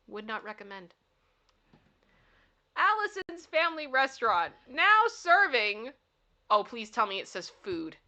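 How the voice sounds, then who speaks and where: A woman's voice: medium pitch, sing-song, unhurried, pauses often, bright, forceful tone, dull audio. A woman hosting a casual livestream, reading funny signs aloud, giggling playfully and talking back to her chat. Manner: giggly and playful, often laughing. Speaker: livestream host.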